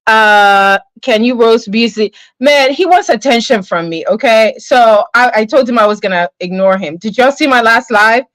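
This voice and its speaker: A woman's voice: fairly high pitch, moderate pace, few pauses, no room sound, rough recording. Chatty woman venting on a livestream. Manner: chatty and animated, greets chat viewers, swears while venting. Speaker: livestream host. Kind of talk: casual livestream chat.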